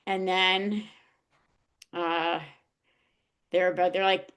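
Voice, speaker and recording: Slow, gravelly woman telling a personal story. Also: lowish voice. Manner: emotional, halting, many restarts and fillers. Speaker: guest.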